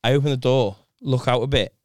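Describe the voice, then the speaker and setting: A man in casual chat, telling a story with lively acted-out voices and plenty of swearing. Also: mid-range voice, fairly quick, no echo, studio quality.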